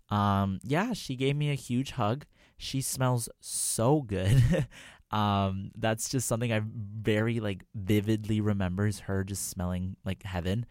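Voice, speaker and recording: A young man hosts a radio music show from a studio, his lowish voice gravelly with fry. He talks in a loose, chatty way, full of "like" and "um", and gets excitable. The mic sound is dry and close. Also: no echo. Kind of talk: casual storytelling on air.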